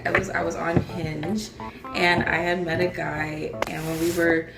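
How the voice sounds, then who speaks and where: A woman's voice: fairly low pitch, little pitch movement, measured pace, creaky. A young woman guest on a talk show, telling a dating story in casual chat, swearing freely and laughing as she goes. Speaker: podcast guest. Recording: roomy echo with music behind.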